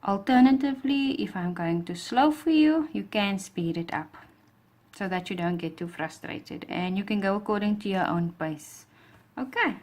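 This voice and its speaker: A woman's voice: medium pitch, animated, moderate pace, darkish tone. A woman teaching a lesson with patient explanations and careful pronunciation. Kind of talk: slow, patient alphabet lesson.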